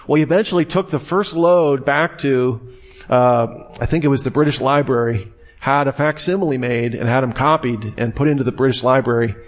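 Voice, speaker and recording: A middle-aged man giving a classroom lecture in a conversational way, with wry asides. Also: medium pitch. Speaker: teacher.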